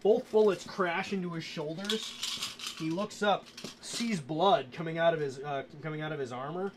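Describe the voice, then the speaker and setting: A man's voice: on the high side, moderate pace, noisy background. A man running a tabletop game as game master, narrating the action and often restarting his sentences.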